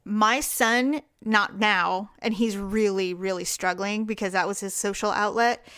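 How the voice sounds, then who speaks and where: A middle-aged woman co-hosting a podcast, chatting casually and reacting quickly. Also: medium pitch, steady tone, fairly bright tone, smooth. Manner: quick reactions, laughs easily. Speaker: podcast co-host. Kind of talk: casual chat.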